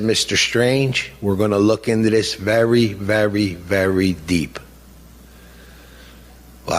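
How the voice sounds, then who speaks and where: A man's voice: mid-range voice, a bit bright. A middle-aged man giving an impassioned public speech as a grieving father, blunt and emotional, full of rhetorical questions. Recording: long hall reverb.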